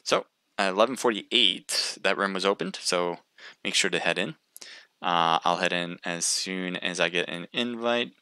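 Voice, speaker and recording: A man's voice: low voice, normal speed, sharp tone, clear, resonant tone, no room sound. A man casting a live stream, chatting casually with viewers and thinking aloud with frequent restarts. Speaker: livestream caster.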